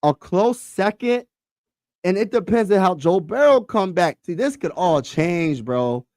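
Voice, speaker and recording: A man hosting a casual sports talk livestream, excitable and slangy, repeating himself and talking to his chat. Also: sits high, measured pace, no echo, studio quality.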